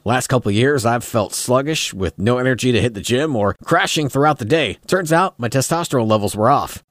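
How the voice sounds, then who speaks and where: A man speaks an earnest testimonial for a radio ad in a middle-pitched voice. The recording is dry and close, with no room sound. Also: no room sound. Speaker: customer testimonial.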